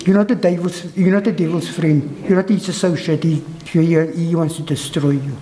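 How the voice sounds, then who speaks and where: High-voiced South African preacher in a reverberant hall. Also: male voice, fairly even intonation, moderate pace, a little hiss or hum. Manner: emotional testimony, swinging between high urgent and low hushed phrases. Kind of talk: sermon. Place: church hall.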